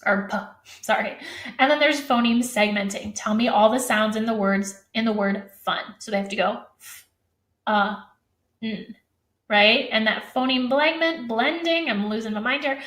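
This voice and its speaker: A woman teacher giving a fast, chatty live-stream presentation to other teachers, full of fillers. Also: a little high, fairly bright tone, echoey room.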